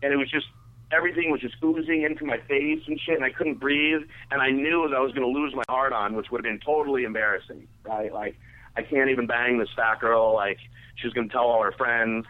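A man with a mid-range voice and steady tone briskly tells a long, crude personal story as a radio show guest. The casual telling rambles, filled with "like" and restarts, over phone-like radio audio.

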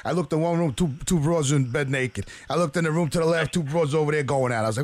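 Fast-talking, rambling middle-aged man. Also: a little high, crowd noise. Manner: rambling, crude storyteller. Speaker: audience member. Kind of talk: casual chat.

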